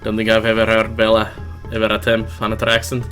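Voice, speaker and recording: Speaking fast with a completely flat delivery, a Finnish let's play streamer offers casual commentary on his game in a Finnish accent. His tone is a bit bright and his chat is musing and low-key. Faint music sits in the background.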